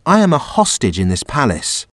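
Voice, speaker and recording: A man's voice: medium pitch, wildly swooping pitch, normal speed, a bit bright, no echo, studio quality. A man reading as a sad captive boy king. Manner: sad, earnest storytelling tone. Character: sad young boy king held prisoner.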